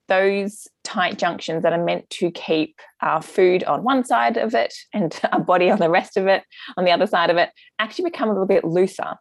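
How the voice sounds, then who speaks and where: A woman's voice: lowish voice, gravelly, dry recording. A woman, a gut health practitioner explaining things in a chatty interview with lots of fillers. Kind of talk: casual interview answers.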